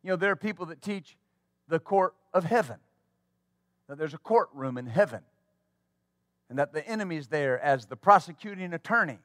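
Pastor guy preaching hard, high voice, dry close sound, keeps asking amen. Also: animated, moderate pace, long pauses, a bit bright, no room sound. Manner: fervent preaching with call-and-response asides. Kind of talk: sermon.

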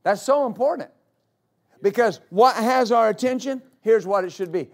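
In a church service, a male pastor delivers an emphatic sermon, driving points home by repeating key phrases. He speaks with a high voice at a moderate pace.

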